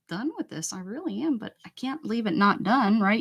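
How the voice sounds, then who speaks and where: A woman's voice: a little high, lively intonation, fairly quick, creaky, few pauses, breathy edge, lo-fi sound. A woman with a northern US accent hosting a craft livestream, chatting casually while she paints, muttering and whispering asides to herself and answering viewer chat.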